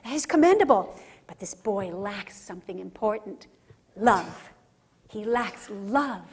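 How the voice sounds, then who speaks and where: Brief: calm, tender male teacher, voiced by a woman lecturer. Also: mid-range voice, husky. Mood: earnest. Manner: calm, slow, soft-spoken. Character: Jesus, gentle patient teacher.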